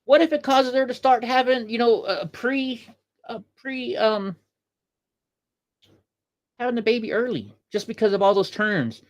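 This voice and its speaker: On his livestream, a man with a very high-pitched voice offers heated, rambling political commentary, repeating himself and responding to the chat. He keeps a measured pace, broken by long pauses.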